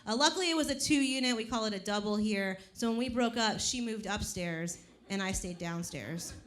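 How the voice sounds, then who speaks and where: A woman's voice: medium pitch, a little fast, fairly bright tone. A woman in her thirties doing a profane stand-up comedy set on a club stage, telling punchy stories. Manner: brash and profane, punchy storytelling. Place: comedy club stage before a laughing crowd. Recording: live club recording with faint crowd noise.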